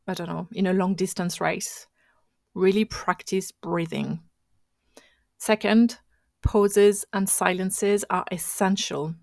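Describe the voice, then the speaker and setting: A woman with mid-range pitch talks a listener through speaking exercises from home, in a dry, close recording with almost no room sound. English is not her first language. She explains things in a patient, chatty way and sometimes stops to restart a phrase. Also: no room sound. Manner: instructive, conversational, with frequent restarts. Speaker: podcast host and marketing coach. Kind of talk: solo coaching podcast talk.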